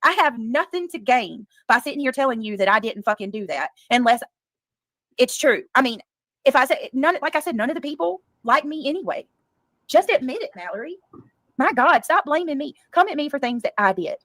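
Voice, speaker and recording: A woman's voice: high voice, expressive, brisk, fairly bright tone, no echo. A woman on a livestream defending herself in an indignant, profane rant that keeps circling back to the same points.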